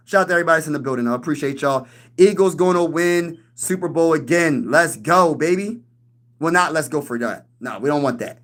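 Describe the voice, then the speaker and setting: A man's voice: fairly high pitch, brisk, a bit bright. A young man hosting a casual sports livestream, reading chat comments aloud and trash-talking other teams. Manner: hypes, reads and answers chat comments, talks trash.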